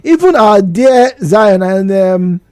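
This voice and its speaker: A Nigerian man hosts a call-in radio talk show, his voice rising and falling in a lively, expressive way. He chats with the audience and keeps asking rhetorical questions. The studio microphone gives a dry, close sound. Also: sits high, slow, clean tone, dry recording, faint music behind. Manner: chatty, rhetorical questions, laughs between points. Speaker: radio host.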